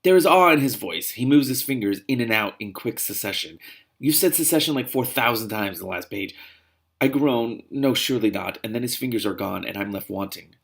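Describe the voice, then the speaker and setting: A man's voice: medium pitch, expressive, brisk, a bit bright. A man reading a novel aloud and breaking off into exasperated, sarcastic commentary. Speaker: reader and commentator.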